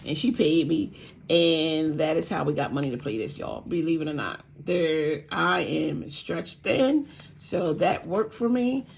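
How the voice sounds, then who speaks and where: A woman's voice: deep voice, lively intonation, unhurried, vocal fry. An older woman vlogging casually about budgeting at home, chatty and encouraging, laughing often. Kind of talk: casual vlog talk. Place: home room by an open window. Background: faint street noise, passing truck.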